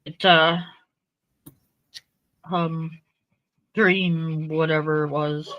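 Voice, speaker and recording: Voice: mid-range voice, level tone, drawn-out words, muffled recording. A co-streamer on a call, chatting casually with joking, teasing asides. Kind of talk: casual chat.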